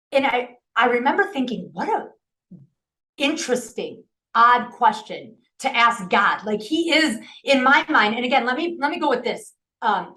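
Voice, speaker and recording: A woman's voice: a little high, sharp tone. A middle-aged woman telling a personal story in a casual interview, earnest and emotional, often restarting her sentences. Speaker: podcast guest.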